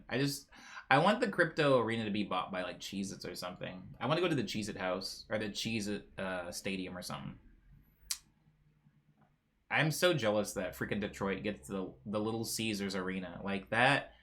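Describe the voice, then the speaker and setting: A man's voice: lowish voice, fairly bright tone. A young man hosting a livestream, chatting casually and reading viewer comments in a playful, rambling way. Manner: playful, rambling, frequently laughing and mispronouncing names. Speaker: livestream host.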